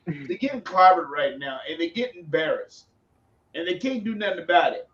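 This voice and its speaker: A man on a podcast, casually rambling through a story in a relaxed, chatty way. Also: fairly high pitch, normal speed. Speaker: podcast co-host. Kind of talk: casual chat. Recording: roomy, distant, dull lo-fi sound.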